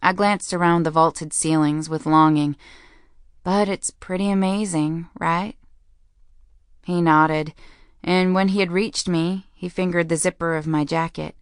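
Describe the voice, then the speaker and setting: Woman audiobook narrator, wry playful telling, low voice, smooth clear tone. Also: steady tone, normal speed, no room sound, clean studio sound. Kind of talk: first-person romance audiobook narration.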